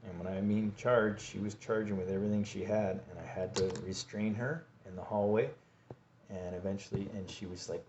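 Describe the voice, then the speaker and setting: Male vlogger, low register, halting personal storytelling with repeated words, muffled lo-fi sound. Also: steady tone, a little mellow, slight background noise. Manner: halting, repeats words, acts out his own pleas. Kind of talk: personal story told to camera. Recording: dull lo-fi recording.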